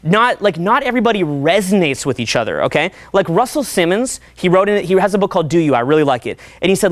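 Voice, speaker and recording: A man's voice: high voice, fast talker, hardly any pauses, no room sound. A man coaching a live seminar audience, swearing freely and talking with restless energy. He keeps asking the room if they follow him. His voice sounds dry and close, with little room sound. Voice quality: profane, energetic, chatty, keeps checking in with the crowd.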